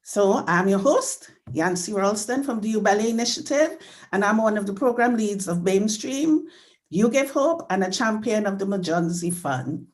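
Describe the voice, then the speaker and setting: A woman of middle pitch hosts an online remembrance gathering, speaking over a video call. Her delivery is earnest and heartfelt, with warm repetitions. She sounds emotional and a little choked up throughout. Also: expressive, moderate pace. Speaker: host. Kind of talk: hosting an online community remembrance event.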